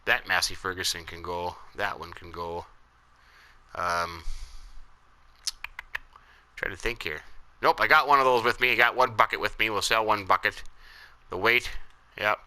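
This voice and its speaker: A man's voice: on the low side, a little slow, long pauses, bright, forceful tone, rough recording. A man hosting a farming game channel, giving casual, folksy commentary as he talks to himself while playing. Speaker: gaming channel host.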